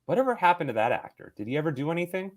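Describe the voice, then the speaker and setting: A man's voice: fairly high pitch, big pitch swings, rapid-fire. A man co-hosting a movie review podcast, talking in a rambling, playful, opinionated way. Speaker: podcast co-host. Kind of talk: casual movie review chat.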